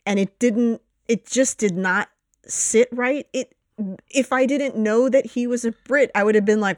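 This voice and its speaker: A woman co-hosting a casual movie review chat, animated and swearing, her voice jumping up when she makes a point. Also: measured pace, no echo, studio quality. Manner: animated, swearing, jumps in pitch when emphatic. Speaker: podcast co-host.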